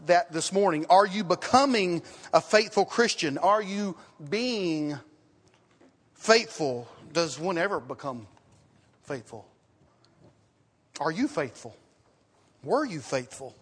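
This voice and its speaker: A man preaching a sermon in a church, emphatic, repeating his phrases and asking rhetorical questions, swinging from loud to hushed. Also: fairly high pitch, animated, unhurried, long pauses, breathy edge, long reverb tail. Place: church sanctuary.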